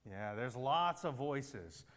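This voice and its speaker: A man with a mid-range, expressive, slightly bright voice speaks at a slow pace while leading a children's church activity. He coaxes the kids along with upbeat directions, checking often that they get it, in a large platformed room whose big-hall reverb lingers on the recording.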